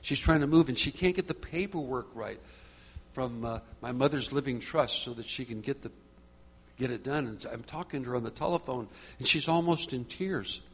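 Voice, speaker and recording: A man's voice: mid-range voice, normal speed, breathy edge. A middle-aged man leading a church small group, talking conversationally and growing fervent and preachy, often repeating phrases. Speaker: group leader.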